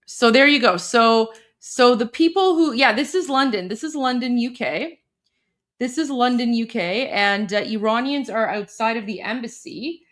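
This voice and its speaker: A woman's voice: a little high, normal speed, fairly bright tone. A woman hosting live commentary, translating a clip for viewers, emphatic and full of repeated words and fillers. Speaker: host.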